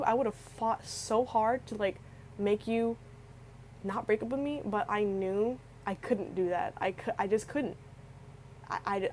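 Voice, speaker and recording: Young woman, tearful, emotional storytelling, rambling, filler words, medium pitch. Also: a little hiss or hum, rough recording. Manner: rambling, repeats filler words, restarts sentences. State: tearful, close to crying. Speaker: vlogger.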